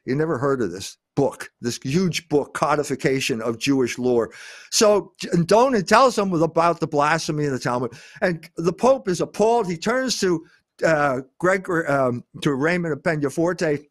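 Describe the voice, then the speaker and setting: An older man speaking as a guest, lecturing on history in an emphatic way, with frequent pauses on "uh". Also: fairly high pitch, lively intonation, no room sound, clean studio sound.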